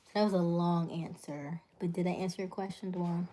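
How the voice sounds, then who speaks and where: A woman's voice: on the low side, fairly quick, few pauses. A middle-aged woman hosting a casual livestream chat, telling stories and acting out conversations as she reads the chat. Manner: animated storyteller, acts out dialogues, reads chat aloud. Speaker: livestream host.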